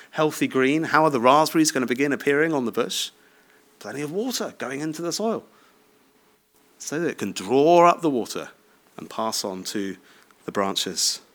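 A man's voice: medium pitch, expressive, moderate pace, a bit bright. A man in his thirties preaching a sermon in a conversational way, often asking the listeners short tag questions and laughing lightly.

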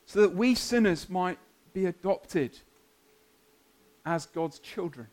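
A man delivering a sermon as a pastor. He speaks earnestly and emphatically in a slightly high voice, rising toward climaxes and then easing down. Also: lively intonation, slow, pauses often, darkish tone.

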